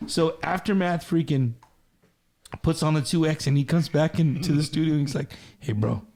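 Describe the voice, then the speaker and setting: A man's voice: on the high side, fairly even intonation, normal speed, darkish tone. A man hosting a group talk show, telling a long story in a rambling, profane way, repeating himself often. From Texas. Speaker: host. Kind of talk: loud storytelling in group chat.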